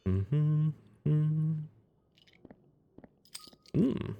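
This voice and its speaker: A man live-streaming a game, chatting playfully with viewers, giggling and jumping into silly squeaky bits. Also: lively intonation, extremely slow, creaky, narrow, tinny audio, faint music behind. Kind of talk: live-streamed gameplay chat.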